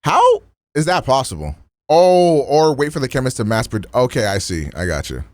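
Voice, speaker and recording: A man's voice: mid-range voice, huge pitch swings, normal speed, darkish tone, no echo, clean studio sound. A man streaming in a loose, slangy casual chat, full of restarts and fillers.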